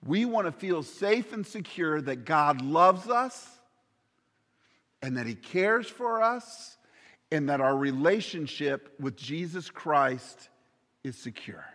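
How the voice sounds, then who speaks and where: A man's voice: fairly high pitch, expressive, takes it slowly, fairly bright tone, big-room sound. A man preaching a sermon earnestly, sometimes dropping to a near whisper on key words. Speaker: pastor.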